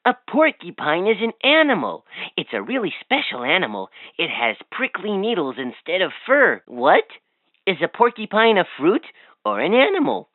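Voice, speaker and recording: A bouncy, sing-song talking toy. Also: female voice, fairly low pitch, no room sound. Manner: bouncy sing-song quizzing, eager and playful. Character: cheerful chatty talking toy, playful and teasing. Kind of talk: toy voice lines. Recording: tinny, dry toy speaker audio.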